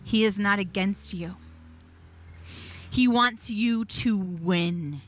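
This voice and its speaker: A woman preaching a devotional message in an emphatic way, repeating key phrases and slowing down on declarations. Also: medium pitch, faint music behind. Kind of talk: devotional sermon.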